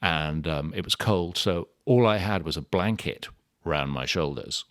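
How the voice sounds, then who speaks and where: A man's voice: low-pitched, expressive, dry recording. An older man with an English accent, an actor telling stories in an interview with a dry, wry wit. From England. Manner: dry, wry wit, measured and soft-spoken. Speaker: actor and guest. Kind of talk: relaxed interview storytelling.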